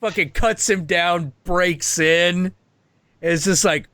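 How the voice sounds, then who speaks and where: A man on a casual podcast, joking and swearing freely as he retells stories, with quick, exaggerated voices for the people in them. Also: sits high, a bit bright, no room sound. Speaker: co-host.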